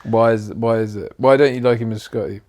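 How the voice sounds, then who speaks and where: A man's voice: on the low side, steady tone, a little fast, a little mellow. A young man co-hosting a casual film commentary, easygoing and a little hesitant, asking lots of questions. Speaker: podcast co-host.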